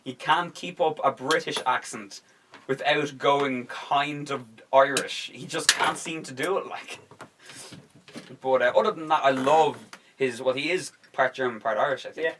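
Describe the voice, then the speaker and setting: Excitable swearing young man on a podcast. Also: mid-range voice, a little slow, noisy background. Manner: excitable, swears a lot, acts out scenes. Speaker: podcast host. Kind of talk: casual chat.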